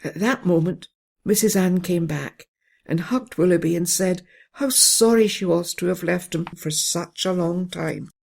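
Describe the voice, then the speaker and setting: A storyteller reading a children's bedtime story in a gentle, steady way. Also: medium pitch, measured pace, gravelly. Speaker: narrator.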